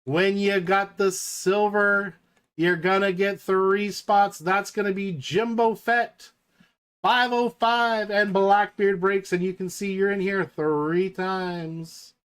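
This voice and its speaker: A man hosting a card-break livestream in casual chat, reading out names one by one and calling a mock horse race with rising excitement. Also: sits high, clear, resonant tone. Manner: unhurried, reads names out one by one.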